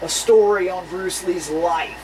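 A podcast co-host telling stories in casual chat, animated and swearing freely, laughing between lines. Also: mid-range voice, a little slow, far from the mic, noisy background.

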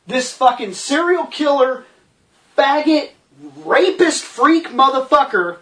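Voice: high-pitched, expressive, slow, fairly bright tone, recorded from a distance. A movie reviewer giving a profane, sarcastic rant about a film, with incredulous outbursts.

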